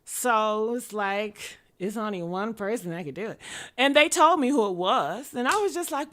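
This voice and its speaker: A woman's voice: mid-range voice, lively intonation, moderate pace, a bit bright. A woman, telling her story bluntly and profanely in a candid sit-down monologue. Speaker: vlogger.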